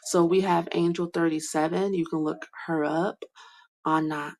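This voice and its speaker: A young woman giving a soft, hesitant spiritual card reading, full of fillers and whispered asides. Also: lowish voice, level tone, moderate pace. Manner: whispers names to herself while reading cards. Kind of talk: slow meandering card reading monologue.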